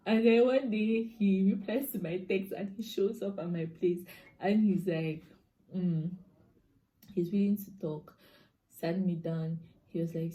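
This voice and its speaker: A young Cameroonian woman with a Cameroonian accent, casually telling a personal story to her viewers in an expressive, chatty way with touches of pidgin. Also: fairly low pitch, measured pace. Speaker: vlogger.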